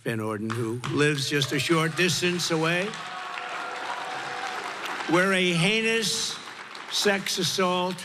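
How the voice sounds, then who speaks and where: A mid-range voice, pushed and bright, carries through a reverberant rally PA with a little hiss or hum. The older man running for office speaks off the cuff at a podium before a big crowd, which is faint, and hammers home short, emphatic lines.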